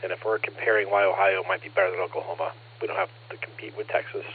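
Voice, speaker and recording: A man's voice: on the low side, lively intonation, quick pace, creaky, breathy edge. A man checking into a ham radio net, telling a rambling story in a casual way. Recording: narrow ham radio transmission.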